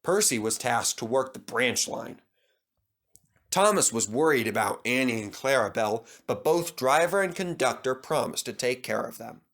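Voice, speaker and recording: A man's voice: mid-range voice, normal speed. A man reading a children's train story aloud as narrator. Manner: expressive, lively narration.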